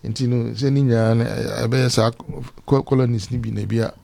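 A man hosting a relaxed sports talk radio show, often answering with short backchannel replies. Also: mid-range voice, a little fast, creaky, no room sound. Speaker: radio host.

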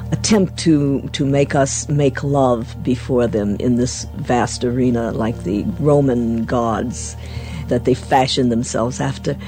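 An older woman being interviewed, telling stories of her acting career with laughter. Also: very deep voice. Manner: warm storytelling with laughs. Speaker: interviewee, actress. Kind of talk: interview recollection.

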